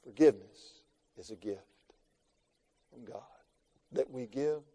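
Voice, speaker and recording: A man preaching a sermon through a story, rising to loud emphasis and dropping to hushed tones, slowing down on key words. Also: mid-range voice, breathy edge. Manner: dramatic, swings between loud emphasis and hushed near-whispers, slows for key words.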